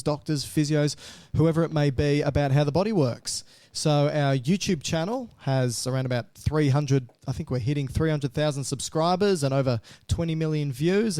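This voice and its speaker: A man's voice: a little high, darkish tone, dry recording. A man with an Australian accent, a lecturer joining a podcast as a guest, answering with dry, understated humor. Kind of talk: casual podcast chat.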